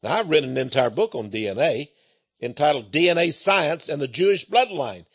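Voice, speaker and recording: A man's voice: fairly high pitch, expressive, brisk, husky, highs cut off. A man from Texas with an East Texan accent, giving a folksy, emphatic preaching monologue.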